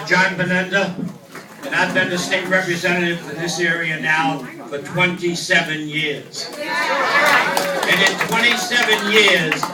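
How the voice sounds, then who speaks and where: An older man, a state representative, speaking emphatically at a public meeting and repeating his key phrases. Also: high-pitched. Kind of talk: speech at a public neighborhood meeting. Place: large meeting hall with a crowd. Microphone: distant room microphone. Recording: echoey hall, far from the mic, crowd noise.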